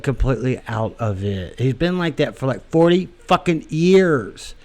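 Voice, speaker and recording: A man's voice: medium pitch, lively intonation, a little slow, few pauses, a little mellow. A man delivering a rambling, profane solo monologue with crude language, drifting tangents and many fillers. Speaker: podcast host.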